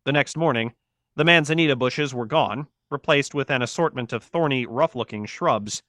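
Man narrating a novel, bright and dry. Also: mid-range voice, no room sound. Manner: steady, measured reading. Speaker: audiobook narrator. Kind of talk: scripted narration.

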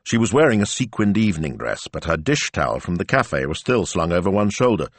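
Male audiobook narrator, deep, animated contour, dry studio read. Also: brisk, no echo.

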